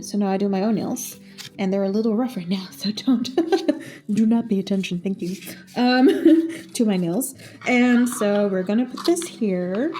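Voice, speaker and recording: Chatty young woman, casual planner vlog, thinks aloud, soft music behind. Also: mid-range voice. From Netherlands. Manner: chatty, self-talking, playful exclamations. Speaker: vlogger.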